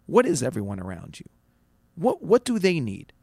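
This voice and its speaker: A man speaking as a rabbi and teacher in a casual talk, with a slightly high voice and a gravelly edge. He tells stories with animation, acting out the voices of others and restarting his phrases. The sound is dry and close. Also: normal speed, no room sound. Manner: animated storyteller acting out quotes, many restarts. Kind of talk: casual spoken advice on a podcast.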